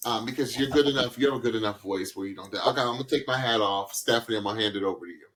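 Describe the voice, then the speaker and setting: Animated podcast host with sudden high leaps. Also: male voice, racing. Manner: animated, leaps into high pitch when excited; takes on a voice teacher's advising tone. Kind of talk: casual chat.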